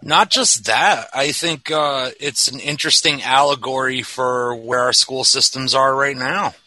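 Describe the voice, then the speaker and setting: A man's voice: medium pitch, bright, forceful tone, dry recording, poor audio. A man on a podcast, talking about film with enthusiasm and plenty of fillers. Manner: enthusiastic, filler-heavy, drawn-out. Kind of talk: casual film commentary chat.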